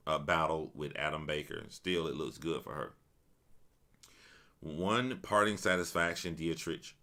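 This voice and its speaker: Guy on a stream reading news out loud, really deep voice, keeps stopping to go "what are the odds", repeats himself a lot. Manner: reads aloud, then stops to react with stunned remarks; repeats himself and restarts phrases. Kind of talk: casual reaction commentary.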